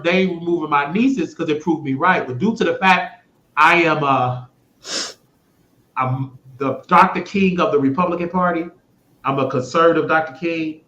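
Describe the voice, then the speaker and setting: A blunt, rambling man hosts his own show with a higher-than-usual voice, swearing freely and lurching from loud bursts to low mutters. The sound is dull and lo-fi, and it echoes off the walls of the room. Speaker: show host. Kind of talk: casual rambling monologue.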